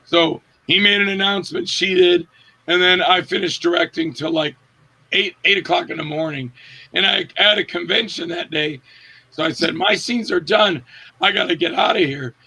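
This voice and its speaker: A man's voice: high-pitched, normal speed, gravelly, breathy edge. A man, an actor being interviewed, telling set stories in a casual way and acting out the quotes with a raised voice. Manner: animated, acts out quotes with raised voice. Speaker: actor guest.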